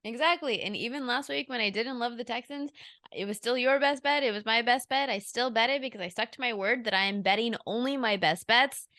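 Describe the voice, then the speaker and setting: A woman's voice: on the high side, a little fast, sharp tone. Chatty woman hosting a betting show. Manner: laughs often, chatty and candid. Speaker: sports betting show host. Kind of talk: casual sports betting chat.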